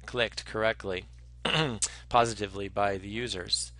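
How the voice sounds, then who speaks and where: A man lectures in a chatty, animated way, filling gaps with ums and restarting his sentences. His voice is bright and forceful, and it sounds dry and close, with no room echo. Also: on the low side, a little slow. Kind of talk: conversational lecture.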